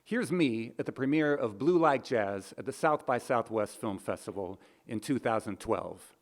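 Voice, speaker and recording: A man hosting an award show with comic, self-mocking, deadpan patter. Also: medium pitch, moderate pace.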